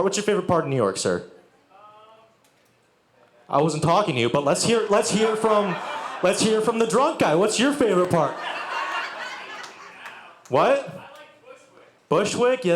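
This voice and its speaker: A man's voice: fairly high pitch, background noise. A young man doing a sardonic stand-up set with crowd work and profanity at a live venue. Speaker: stand-up comedian. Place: live music venue with audience. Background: audience laughter.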